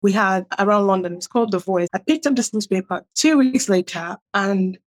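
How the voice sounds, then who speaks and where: A woman's voice: mid-range voice, a little fast. A middle-aged woman from Nigeria, a writer, telling her own story and acting out what others said in a raised, livelier voice. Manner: acts out quoted people with a raised, livelier voice. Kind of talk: animated personal storytelling.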